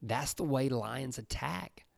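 A man's voice: medium pitch, animated, slow pace, creaky, no room sound, clean studio sound. A man preaching in a casual, conversational way to young listeners, often checking in with his audience. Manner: conversational, repeats "right?" and "you know".

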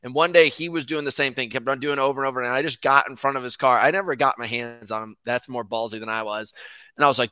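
A man's voice: medium pitch, steady tone, quick pace, sharp tone, clear, resonant tone, no echo. A man who works as a lumberjack, a guest on a podcast, telling a rambling story in casual chat, acting out quotes and saying "like" often.

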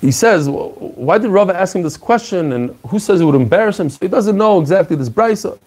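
Guy teaching gemara class, kinda high voice, gets all excited acting out the rabbis. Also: a little fast. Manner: excited storytelling with Hebrew and Aramaic terms, acting out quoted rabbis. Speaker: Talmud teacher. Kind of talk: animated Talmud class.

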